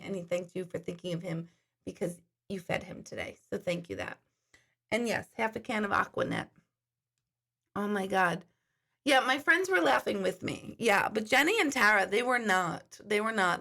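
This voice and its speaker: A woman's voice: mid-range voice, vocal fry, fairly bright tone. A woman in her forties hosting a casual live stream, telling stories in a chatty way and reading viewer comments aloud.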